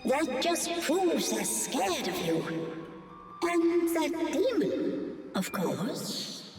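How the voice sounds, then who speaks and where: A woman's voice: sits high, very animated, very slow, roomy sound, in a large hall, music in the background, heavily acted. An actress voicing a mysterious, cryptic female voice of the forest that speaks from the shadows in a video game cutscene. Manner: teasing, cryptic, knowing.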